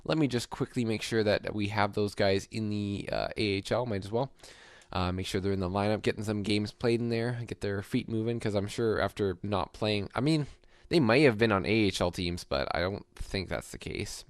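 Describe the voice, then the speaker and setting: A man's voice: lowish voice, normal speed, no echo. A young man casually commenting as he plays a hockey franchise mode, rambling with lots of fillers and upbeat asides. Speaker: gaming YouTuber.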